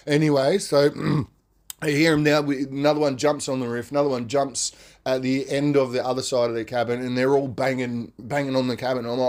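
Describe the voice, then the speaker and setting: Swearing freely, a man on a podcast tells an easygoing, energetic story, often capping sentences with "man" or "right?". He speaks at a moderate pace in a medium pitch.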